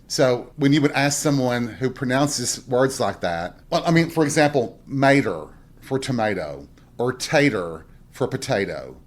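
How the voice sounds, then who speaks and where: Folksy Southern man telling stories. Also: mid-range voice. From Tennessee, Southern US. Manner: folksy storytelling, chuckling asides. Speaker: podcast host. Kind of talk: casual solo monologue.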